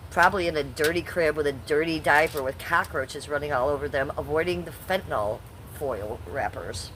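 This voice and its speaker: A woman's voice: deep voice, normal speed, background noise. A woman in her fifties live streaming casually, reading her chat aloud and answering it bluntly, swearing at hecklers. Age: 50s. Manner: blunt, combative, swears at chatters.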